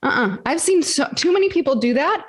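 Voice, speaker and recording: A woman's voice: high-pitched, expressive, brisk. A middle-aged woman, a guest on a podcast, telling her story with energy and acting out the dialogue. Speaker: interview guest, entrepreneur. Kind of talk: casual podcast interview.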